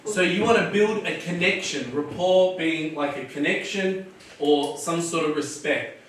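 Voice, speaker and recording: An Australian man, an evangelist, teaching street preaching in an energetic, punchy, emphatic style. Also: a little high, unhurried. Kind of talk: lively teaching talk. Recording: echoey room from far off.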